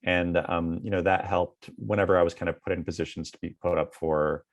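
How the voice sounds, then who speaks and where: A man's voice: low-pitched, steady tone, brisk, dry recording. A man in his thirties, a comedy writer, answering interview questions in a rambling way full of fillers.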